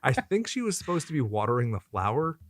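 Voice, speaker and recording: A man's voice: medium pitch, very animated, fast, a crowd in the background. A man in his thirties hosting a podcast, talking casually with crude, sarcastic jokes. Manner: profane, sarcastic, jokey. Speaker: podcast host.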